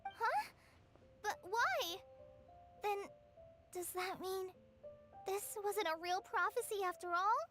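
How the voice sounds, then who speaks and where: A tiny nosy fairy girl from a game, super high and bright, bounces all over the place, game music under her. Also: slow pace, pauses often, full character voice. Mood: puzzled. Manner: excitable, questioning, talks of herself in third person. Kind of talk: video game voice acting.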